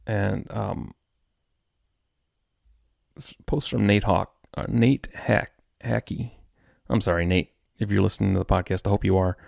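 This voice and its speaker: A man's voice: on the low side, vocal fry, darkish tone, no room sound, clean studio sound. A man hosting his own podcast, ranting in a frustrated, rambling way with many restarts. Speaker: podcast host. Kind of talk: solo podcast rant.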